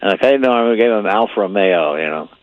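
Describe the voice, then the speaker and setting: Older male comic guest, low voice, rambling anecdotes, muffled radio line, dry sound. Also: lively intonation, fast, no room sound. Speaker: comedian guest. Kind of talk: phone-in interview, storytelling.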